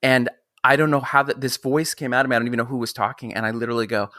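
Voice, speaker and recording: A man in his fifties interviewing a guest in a casual chat, telling a long personal story in a rambling, animated way with many restarts. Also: medium pitch, rapid-fire, no room sound, clean studio sound. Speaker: podcast interviewer.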